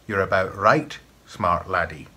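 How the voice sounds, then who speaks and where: A man's voice: low voice, a little slow, bright, forceful tone, slightly rough, full character voice. A man with a Scottish accent voicing a sly, sinister old male wizard who runs a school of magic.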